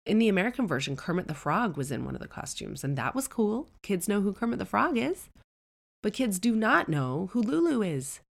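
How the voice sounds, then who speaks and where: A woman's voice: mid-range voice, creaky. A woman in her thirties telling a chatty, self-deprecating personal story full of comic digressions. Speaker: celebrity storyteller.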